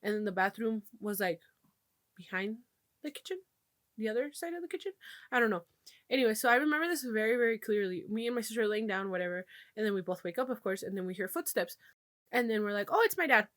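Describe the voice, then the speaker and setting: A woman's voice: mid-range voice, quick pace, dry recording. Casual young woman host, very dry sound. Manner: casual, swears often, mixes in Spanish. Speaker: podcast host. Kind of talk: casual chat.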